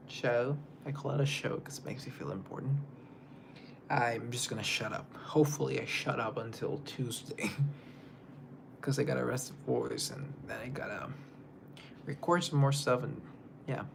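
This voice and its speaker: A young man, a singer, casually chatting on a livestream and reading out viewer comments in a rambling way, drifting into soft asides. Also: medium pitch, steady tone, a little slow, vocal fry, pauses often, background noise.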